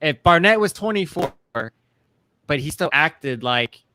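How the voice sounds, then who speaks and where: A man's voice: fairly high pitch, animated, measured pace, pushed and bright, no echo. A man co-hosting a casual TV recap chat, rambling with many fillers and restarts. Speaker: co-host.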